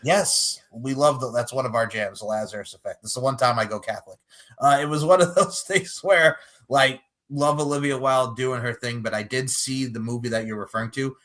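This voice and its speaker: A man's voice: medium pitch, fairly even intonation, fairly quick, few pauses, fairly bright tone. A young man co-hosting a podcast, chatting with eager, slangy banter. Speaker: podcast co-host. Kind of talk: casual banter.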